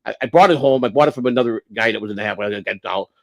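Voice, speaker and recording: Man, middle-aged, from Chicago, rambling profane storytelling, rapid speech, dry sound. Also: lowish voice, no room sound. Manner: profane, rambling, acts out quoted voices. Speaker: livestream host. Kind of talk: casual storytelling.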